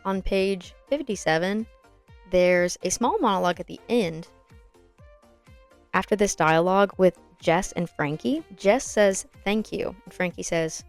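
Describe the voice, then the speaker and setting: A woman's voice: lowish voice, a little slow, faint music behind. A young adult woman hosting a podcast and teaching auditions, explaining in a friendly, encouraging way with worked examples. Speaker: podcast host and acting coach. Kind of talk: casual instructional podcast talk.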